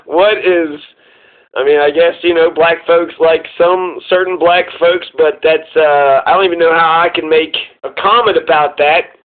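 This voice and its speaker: Commentary host, male, profane and sarcastic; high-ish voice, lo-fi phone-quality audio. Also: fairly even intonation, moderate pace. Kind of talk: casual reaction commentary. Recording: tinny lo-fi phone-like sound.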